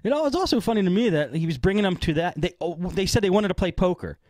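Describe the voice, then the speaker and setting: A man co-hosting a casual podcast, laughing a lot and asking quick questions. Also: high voice, animated, a little mellow, no room sound, clean studio sound. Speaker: podcast co-host. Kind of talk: casual chat.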